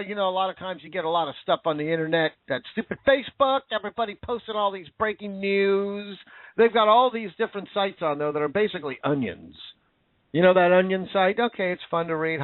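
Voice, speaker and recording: This commentator's angry monologue comes through a thin, phone-like recording with no room sound at all. His pitch is high, and he swears freely, piles on rhetorical questions, and occasionally turns sarcastic.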